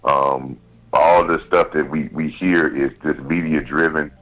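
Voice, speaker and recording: Very deep-voiced man, halting caller. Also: steady tone, a bit bright, low-quality recording. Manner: halting, restarts and repeats words. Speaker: caller, a fellow fan. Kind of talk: casual phone-in chat.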